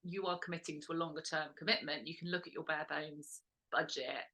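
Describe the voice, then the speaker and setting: A woman runs a casual workshop in a low, bright, forceful voice with a steady tone. She rambles loosely, correcting herself and filling pauses with "um", sounding like a host chatting her way through her teaching points in casual instructional talk.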